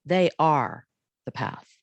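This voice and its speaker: A woman presenting a wellness training talk to healthcare workers in a calm, measured, encouraging way. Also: deep voice, no room sound.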